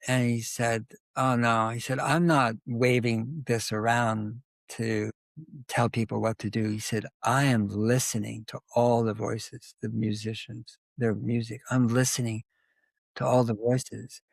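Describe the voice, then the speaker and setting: A man's voice: medium pitch, measured pace, creaky, no room sound. An older man telling a long, rambling story as a guest in an interview, with many asides. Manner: rambling anecdotal storytelling, animated.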